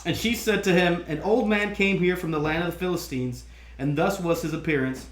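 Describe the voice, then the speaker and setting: A man's voice: high-pitched, fairly quick. Man reading scripture in an echoey room. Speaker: scripture reader.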